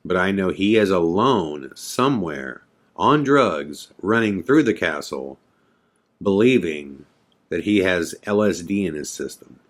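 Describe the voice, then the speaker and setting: Male podcast host, low voice, intense first-person storyteller with a regretful edge. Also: animated, measured pace. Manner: intense, regretful retelling with swearing.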